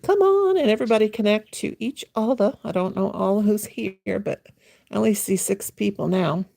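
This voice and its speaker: A woman hosts a casual late-night livestream from her home, rambling along in an unhurried way. Her voice is gravelly and slightly husky, and it swoops up and down a lot as she teases and greets her viewers by name. The sound is close and dry. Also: medium pitch, lively intonation, warm tone, no echo. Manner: teasing, playful, mimics a gushing voice. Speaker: livestream host.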